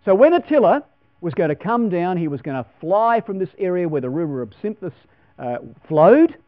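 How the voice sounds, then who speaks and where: A chatty man giving a Bible class sermon, talking in an easy, folksy way and putting questions to his listeners. His voice sits a little high for a man. The sound is dull and lo-fi, recorded dry with a steady mains hum underneath. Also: moderate pace, no echo. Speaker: preacher.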